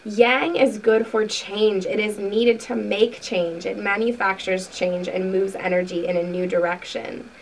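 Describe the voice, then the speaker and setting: A woman hosting a spiritual video, reading a book passage aloud slowly and earnestly, then talking casually to her viewers. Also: mid-range voice, fairly even intonation, far from the mic, a little hiss or hum, low-quality recording. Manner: slow, soft, earnest reading with asides.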